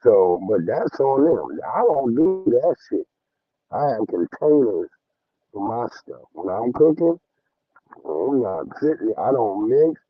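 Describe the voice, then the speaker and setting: A man's voice: medium pitch, takes it slowly, slightly rough, no echo, muffled recording. A man hosting a livestream, giving loose, profane commentary with bursts of laughter. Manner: animated, profane, laughing storyteller. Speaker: livestream host. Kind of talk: casual commentary.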